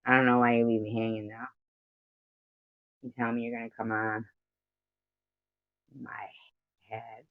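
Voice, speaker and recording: A woman's voice: very deep voice, level tone, unhurried, long pauses, dry recording. An American woman hosting a casual livestream, rambling and giggly as she reads out viewer comments. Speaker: livestream host. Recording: dull lo-fi stream audio.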